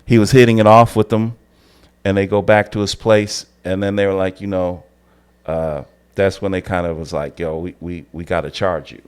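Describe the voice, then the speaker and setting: A man, a comedian guest on a podcast, telling a story in a laid-back, halting way. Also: low voice, fairly even intonation, darkish tone, smooth. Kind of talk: casual chat.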